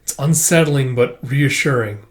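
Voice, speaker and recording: A man casually recapping a manga volume, retelling the dialogue in a relaxed way. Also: mid-range voice, a little slow. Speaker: manga reviewer.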